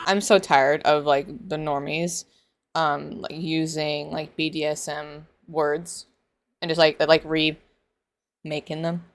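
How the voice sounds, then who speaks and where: A woman's voice: low-pitched, flat delivery, slow pace. A woman making a casual reaction video at home, talking in a chatty, sarcastic way full of filler words. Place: hot bedroom at home.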